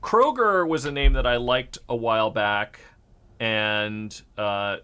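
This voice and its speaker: A man talks markets in a relaxed, searching way. His voice is bright and forward, and he pauses on fillers and restarts his sentences as he thinks aloud. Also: mid-range voice, smooth. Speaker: show host. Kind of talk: casual market chat.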